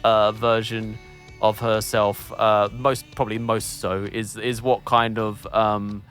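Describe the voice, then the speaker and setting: A man's voice: on the low side, level tone, slow, fairly bright tone. Enthusiastic rambling man, faint music behind. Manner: enthusiastic, rambling with many fillers. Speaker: album reviewer in a group ranking chat. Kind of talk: casual chat.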